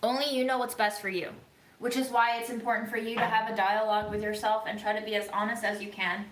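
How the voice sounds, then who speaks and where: A woman vlogger giving an earnest, thoughtful monologue, speaking slowly with frequent pauses and ums. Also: mid-range voice, level tone, a bit bright, reverberant, poor audio. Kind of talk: reflective monologue.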